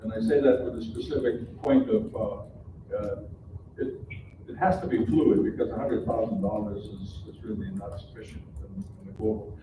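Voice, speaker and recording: A council member makes his point slowly and haltingly, stopping often on fillers. He is heard from a distance across a very reverberant room. There is steady noise in the background. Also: on the low side. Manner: deliberate, halting, with many fillers. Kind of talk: council meeting remarks. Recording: very echoey room, distant mic, noisy.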